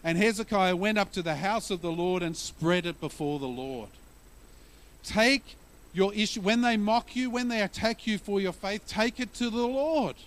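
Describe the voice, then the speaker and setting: A man's voice: high voice, moderate pace, a bit bright. A male pastor preaching a sermon in a conversational way, telling stories and using humor to explain scripture.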